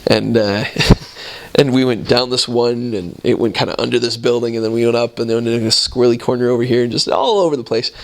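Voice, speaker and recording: A man casually telling a story, animated and laughing often as he goes. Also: mid-range voice, a little fast, low-quality recording.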